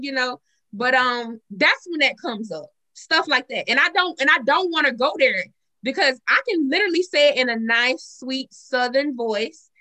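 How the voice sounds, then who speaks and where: Bright, outspoken young woman. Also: high-pitched, normal speed. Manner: animated, outspoken, swears freely. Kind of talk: casual podcast chat.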